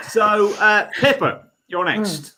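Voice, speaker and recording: A man hosts a casual comedy quiz panel, reading the questions and throwing in quick asides. His voice sits a bit high and sounds bright. It rises and falls a great deal as he talks. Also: big pitch swings, slight background noise, low-quality recording. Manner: reads questions, quick asides, laughs often. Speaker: quiz host. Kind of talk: casual online panel chat.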